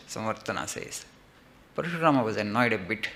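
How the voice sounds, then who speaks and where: A man's voice: mid-range voice, normal speed, long pauses, a bit bright. A man, a monk giving a spiritual discourse, retelling a legend with frequent "okay" checks and rhetorical lists.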